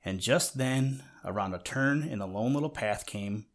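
A man reading a children's storybook aloud in a gentle way, talking to the listener now and then. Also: mid-range voice, moderate pace. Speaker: narrator.

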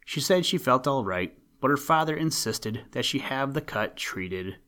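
A man narrating a storybook in a measured, even reading voice. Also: mid-range voice.

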